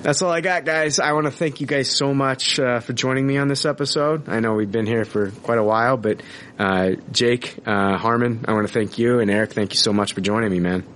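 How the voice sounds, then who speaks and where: A man's voice: medium pitch, a little fast, a bit bright, a little hiss or hum. A man hosting a podcast, rambling casually and swearing as he signs off the episode. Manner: rambling, profane, self-mocking. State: injured leg, in a splint. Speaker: podcast host.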